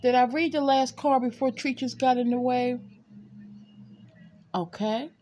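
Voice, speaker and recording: A woman's voice: high voice, fairly even intonation, measured pace, mellow. A woman giving a candid, chatty tarot reading at home, often stopping to talk to her pet and laughing. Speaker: tarot card reader. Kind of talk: casual tarot reading livestream.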